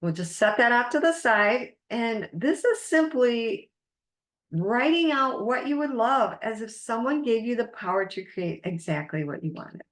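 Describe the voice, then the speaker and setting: A woman's voice: a little high, animated, unhurried, echoey room. A woman life coach leading a masterclass, earnest and encouraging as she guides the listener through exercises.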